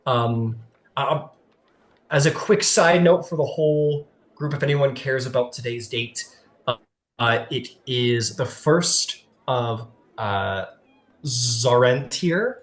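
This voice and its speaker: A man's voice: mid-range voice, takes it slowly. A man narrating as game master of a tabletop game, casual and full of "uh" and "like". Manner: casual, filler-heavy narration.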